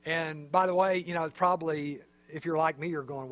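High-voiced male preacher. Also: steady tone, moderate pace, few pauses. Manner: conversational, explanatory, with fillers. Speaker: pastor. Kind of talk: sermon.

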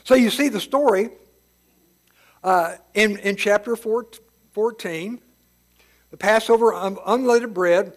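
High-voiced man teaching the Bible. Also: unhurried, long pauses. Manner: folksy, explains in plain paraphrase with asides; restarts and fillers, chuckles at times.

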